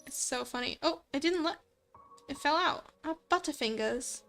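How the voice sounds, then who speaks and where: A woman's voice: high voice, expressive, normal speed, vocal fry, fairly bright tone. A young adult woman streamer in casual let's play commentary, chatty and giggly, thinking aloud. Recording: faint background music.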